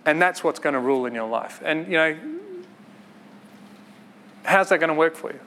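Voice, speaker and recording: A man preaching a sermon in an earnest, conversational way, with quick asides and light laughs. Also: a little high, sharp tone, slight background noise.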